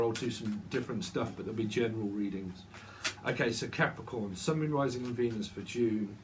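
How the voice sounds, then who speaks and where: A man's voice: medium pitch, noisy background. A man giving a casual tarot reading, rambling and repeating words and names as he goes. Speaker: tarot reader.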